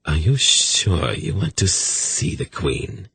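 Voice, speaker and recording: A soft-spoken eunuch assassin who threatens in a calm, polite hush, as a male audiobook narrator puts him on. The voice sits low and husky, unhurried and dry. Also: exaggerated voice. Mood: quiet menace.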